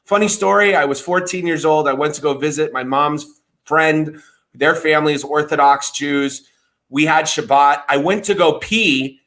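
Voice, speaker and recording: A man guesting on a comedy podcast, telling stories in a lively, casual way and swearing freely. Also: a little high.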